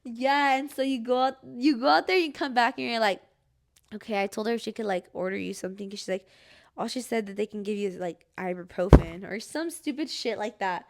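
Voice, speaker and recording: A woman's voice: a little high, brisk. Young woman rambling through a story. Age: young adult. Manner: rambling, fills every phrase with "like"; acts out her own past cries and pleas. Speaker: podcast host. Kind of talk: casual storytelling chat.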